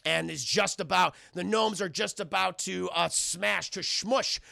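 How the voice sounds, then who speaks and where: A man recapping a cartoon episode for his live chat, cursing freely and calling out to the chat. His voice is high and heavily gravelly, with a sharp, bright edge and a dry sound. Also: unhurried, dry recording. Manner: profane, animated, keeps addressing chat. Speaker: streamer and cartoon reviewer. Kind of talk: casual profane episode recap.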